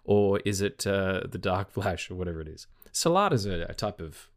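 Deep-voiced and swinging widely in pitch, an Australian man co-hosting a film podcast talks at a moderate pace. He sounds tired, rambling loosely in casual chat, restarting often and swearing.

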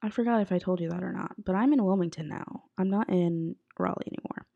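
Young woman rambling on her podcast, kinda gravelly, mellow tone, bit sick. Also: on the low side, fast, muffled recording. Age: young adult. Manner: chatty, lots of "like" fillers. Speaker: podcast host. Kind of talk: casual chat. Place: college apartment bedroom.

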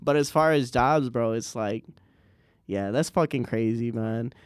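A man's voice: mid-range voice, measured pace, clean tone, dry recording, clean studio sound. A man hosting a casual interview, slangy and easygoing, laughing often. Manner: slangy, laughs often, says bro a lot. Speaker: podcast host.

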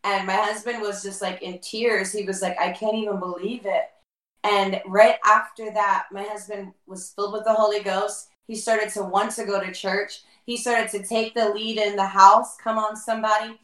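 Animated woman telling a testimony, roomy echo. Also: medium pitch, moderate pace. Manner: animated, acts out quoted dialogue. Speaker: guest, former worship leader. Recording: roomy echo, mic far off.

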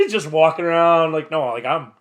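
A man's voice: a little high, expressive, a little slow, fairly bright tone. A laid-back man with a slightly raised voice spins a wild camping story for his podcast buddies. He swears constantly and lets out bursts of laughter as he acts out each line of dialogue. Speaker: podcast co-host telling a story. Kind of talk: casual storytelling chat.

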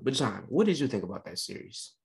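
Man ranting heatedly with animated pitch. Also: fast talker, vocal fry, a little hiss or hum. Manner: heated, scolding, swearing freely. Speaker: podcast co-host. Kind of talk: profane sports rant.

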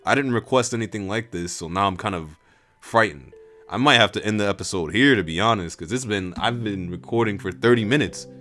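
A man's voice: on the low side, lively intonation, brisk, bright, forceful tone, faint music behind. A man hosting a podcast, reading a story aloud casually with chatty asides.

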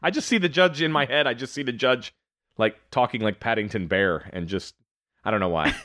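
A tipsy man co-hosting a podcast, tossing in quick jokes and playful asides. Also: medium pitch, sharp tone. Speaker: podcast co-host.

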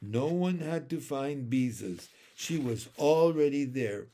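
A man reading a children's chapter book aloud in an expressive, unhurried way. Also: mid-range voice. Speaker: storyteller.

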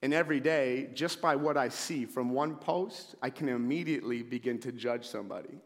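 A man in his thirties preaching a sermon in a church, telling stories and acting out shouted scenes. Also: mid-range voice, moderate pace. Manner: animated storyteller, acts out shouting scenes. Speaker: pastor. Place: church sanctuary. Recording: long hall reverb.

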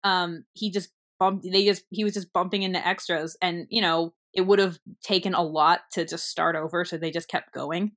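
Young woman, film-chat co-host, animated retelling, lower register. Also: moderate pace, hardly any pauses. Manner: animated storytelling, acting out quoted lines. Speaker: movie reviewer. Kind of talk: casual chat.

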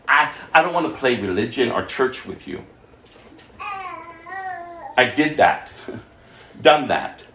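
Male pastor preaching, impassioned, high-pitched and very lively, fires rhetorical questions, echoey room. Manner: impassioned, rhetorical questions, swings from loud to hushed. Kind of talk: sermon.

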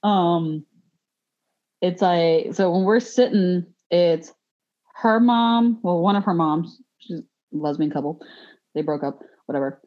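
A woman's voice: fairly low pitch, slow pace, long pauses, lo-fi sound. A woman telling stories as a podcast guest, rambling with fillers and laughing often. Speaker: podcast guest, gym teacher. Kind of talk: casual chat, storytelling.

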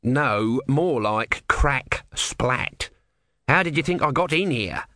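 Guy putting on a snarly sarcastic tortoise god, dry close sound, slow and impatient. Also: medium pitch, lively intonation, sharp tone, dry recording, pitched above the performer's own voice. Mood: grumpy, sarcastic. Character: grumpy sarcastic male god stuck as a tortoise.

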